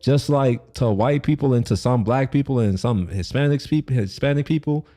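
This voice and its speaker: A man's voice: mid-range voice, normal speed, mellow, soft background music. A man streaming as he reacts to a video, rambling casually with lots of restarts and frequent laughter. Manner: rambling, many fillers and restarts, laughs often.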